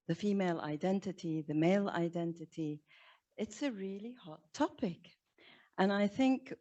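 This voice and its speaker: A woman giving a workshop talk to an audience, speaking in a measured, reflective way with small hesitations. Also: low-pitched, darkish tone. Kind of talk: conference talk. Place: lecture room before an audience. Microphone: recorded for camera from a podium.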